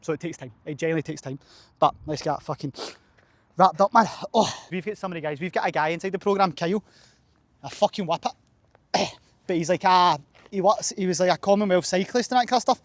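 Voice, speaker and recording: Fast-talking coach, winded outdoors. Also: male voice, high voice, no echo. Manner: sweary, chatty, says man and mate a lot. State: out of breath after running. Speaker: fitness coach. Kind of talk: casual vlog chat. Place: outdoor running track, cold.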